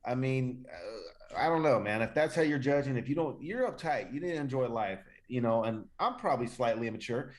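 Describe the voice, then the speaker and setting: A man co-hosting a casual podcast, talking loosely and slangily as he rambles through his opinions. His pitch sits in the middle for a man. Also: expressive, brisk. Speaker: podcast co-host. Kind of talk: casual profane podcast chat.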